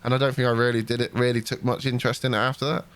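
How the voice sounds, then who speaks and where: A man's voice: mid-range voice, level tone, rapid-fire, fairly bright tone, clear, resonant tone. A man hosting a podcast, telling rambling, sweary anecdotes in casual chat.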